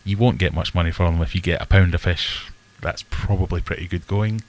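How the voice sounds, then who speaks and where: A man's voice: low voice, fairly even intonation, a little fast. A man hosting a casual livestream, chatting in a rambling, self-deprecating way and answering viewer questions. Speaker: livestream host. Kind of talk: casual live chat. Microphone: desk webcam setup.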